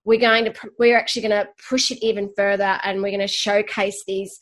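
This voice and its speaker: An Australian woman hosting a podcast interview, chatty and animated, laughing often. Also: mid-range voice, fairly quick. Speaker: podcast host and awards organizer. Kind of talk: casual conversational interview.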